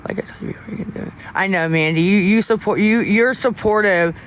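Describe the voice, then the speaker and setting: Brief: man, fairly high voice, halting candid livestream chatter, faint background noise. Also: a bit bright. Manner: rambling and halting, lots of restarts, candid. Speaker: livestreamer talking to viewers. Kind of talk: casual livestream chat.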